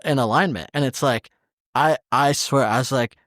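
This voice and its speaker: A man's voice: medium pitch, fairly even intonation, moderate pace, fairly bright tone, no echo, clean studio sound. A man co-hosting a podcast in casual chat, telling an exasperated story with heavy swearing and acting out the quoted exchanges. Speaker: podcast co-host.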